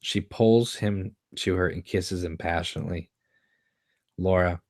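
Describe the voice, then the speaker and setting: A man hosting a show, reading out the stage directions of a screenplay live in a measured, flat manner. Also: sits low, no echo, clean studio sound. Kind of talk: live screenplay read-through.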